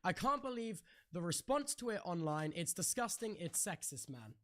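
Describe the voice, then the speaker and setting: Interviewer, mid pitch, interrupting, reads quotes aloud. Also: sing-song, moderate pace, fairly bright tone, a little hiss or hum. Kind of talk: livestream discussion.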